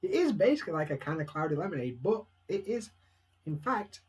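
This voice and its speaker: A man's voice: high voice, very animated, brisk, a little mellow. A young man with a Barnsley Yorkshire accent, chatting casually and self-mockingly at home on a live stream, answering viewers' questions.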